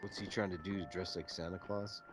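A laid-back man with a slightly low voice rambles crudely through movie banter. The film's music plays clearly behind him. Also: fairly even intonation, fairly quick. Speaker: podcast co-host riffing on a movie. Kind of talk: casual joking chat.

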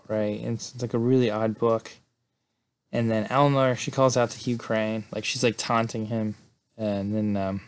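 A man casually retelling a film's plot in a loose, rambling way, leaning on fillers like "you know" and "like". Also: medium pitch. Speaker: film recap host.

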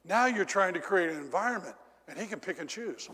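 A middle-aged male preacher telling a story in a sermon, swinging from loud exclamations down to low confiding tones. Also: lively intonation, fairly quick, background noise. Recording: echoey hall reverb.

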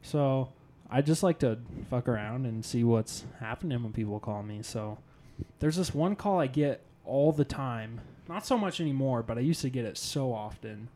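A young man casually telling a funny story among friends, getting loud and high when he gets excited. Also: normal speed, slight background noise.

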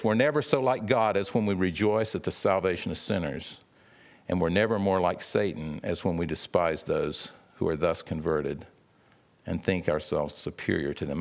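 A man with a deep, creaky voice preaches conversationally, restarting often and putting questions to his listeners. When he acts out the brothers' lines, his voice goes raised and sharp.

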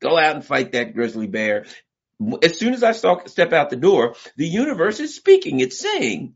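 Blunt guy ranting with big swings in his voice, kinda husky, dull lo-fi sound. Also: a little high, huge pitch swings, moderate pace. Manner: blunt, storytelling, acts out voices. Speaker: political commentator. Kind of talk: animated commentary with comic analogies. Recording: dull lo-fi recording.

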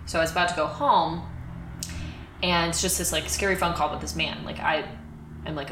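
A young woman with a low voice talks candidly through a personal story, chatty and full of fillers. Her voice carries a noticeable roomy echo. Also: normal speed, pauses often, bright, forceful tone. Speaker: podcast co-host. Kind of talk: casual storytelling chat.

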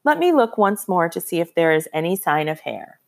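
A woman reading an audiobook, voicing a kind male doctor who speaks gently and reassuringly. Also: lowish voice, very animated, a little fast, gravelly. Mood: kindly.

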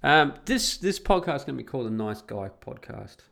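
A man's voice: mid-range voice, sing-song, brisk, vocal fry, fairly bright tone. A man hosting a solo podcast, talking in a blunt, sweary, sarcastic way. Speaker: podcast host.

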